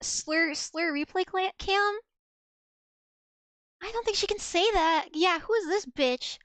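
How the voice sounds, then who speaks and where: A woman VTuber chatting casually on a live stream, rambling and self-mocking, with a soft girlish voice. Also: very high voice, slow pace, no echo.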